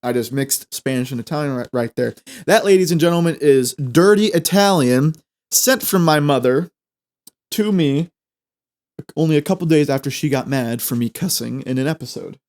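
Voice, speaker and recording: A man's voice: a little high, normal speed, a little mellow. Rambling, playful young male podcast host. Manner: playful, rambling, trips over words. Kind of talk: casual solo podcast chat.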